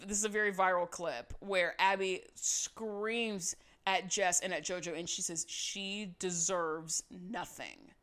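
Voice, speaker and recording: A woman's voice: mid-range voice, measured pace, hardly any pauses, fairly bright tone. A woman co-hosting a podcast, recapping a show in casual chat, laughing often and acting out quotes.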